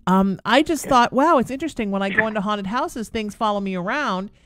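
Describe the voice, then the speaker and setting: A woman hosting a radio talk show, chatting with quick, curious interjections. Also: medium pitch, animated, a bit bright, no room sound, studio quality. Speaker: radio show host and psychic. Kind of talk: casual radio chat.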